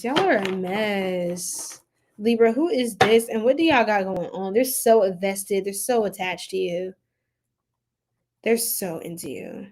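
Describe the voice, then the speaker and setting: A woman in a mid-range voice reads tarot for her viewers in loose, slangy chat. She laughs often, repeats her phrases, and swings between loud bursts and quiet asides as she talks from an indoor room. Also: noisy background. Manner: playful, laughing often, swinging pitch and loudness. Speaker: tarot reader. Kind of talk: casual tarot reading livestream.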